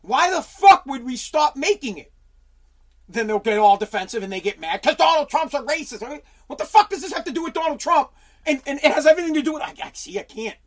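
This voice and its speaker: A middle-aged man ranting on a solo livestream, swearing and restarting his sentences, hoarse and losing his voice. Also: extremely high pitch, lively intonation, quick pace. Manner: profane heated ranting, stumbling restarts.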